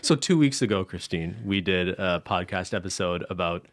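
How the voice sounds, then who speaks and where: Man, very low voice, laid-back joking, podcast co-host, from Canada. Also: animated, normal speed. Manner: laid-back, joking, reads a quiz aloud. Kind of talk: casual podcast chat.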